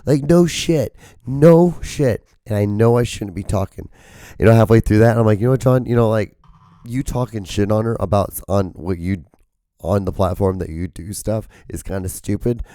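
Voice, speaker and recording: Losing his voice, this podcast host still rambles on, swearing and filling his speech with "like" as his voice strains and cracks. It is a lowish, steady, mellow, clear, and resonant male voice at a brisk pace, recorded with no room sound.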